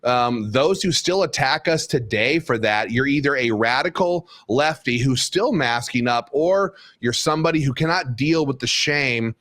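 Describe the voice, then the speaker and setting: A man's voice: mid-range voice, moderate pace, few pauses, fairly bright tone. A man co-hosting a political podcast, telling long emphatic stories in an opinionated, rambling way. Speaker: podcast co-host.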